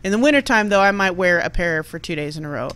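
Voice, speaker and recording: A woman's voice: on the low side, expressive, fast talker, fairly bright tone. A middle-aged woman co-hosting a casual chat, blunt and crude, swearing freely.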